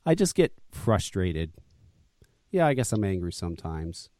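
A man's voice: low voice, big pitch swings, unhurried, darkish tone, no room sound, clean studio sound. A man hosting a podcast in casual chat, blunt and profane, often ranting and grumbling. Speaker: podcast host and vape shop owner.

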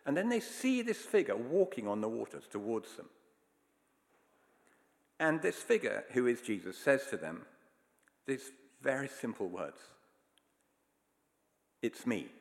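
A man's voice: mid-range voice, sing-song, a little slow, vocal fry, long pauses. A man preaching a sermon, telling stories in an earnest, emphatic way. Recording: long hall reverb.

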